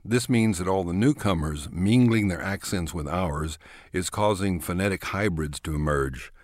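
Texan man, low register, folksy scripted read, dry booth sound. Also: moderate pace, no room sound. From Texas. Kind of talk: scripted spoken essay.

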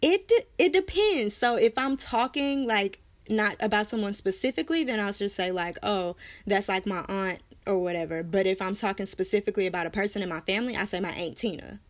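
A young woman from Texas with a Texas accent, co-hosting a podcast in casual, animated chat, laughing easily. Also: mid-range voice, quick pace, hardly any pauses, dry recording. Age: young adult. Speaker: podcast co-host.

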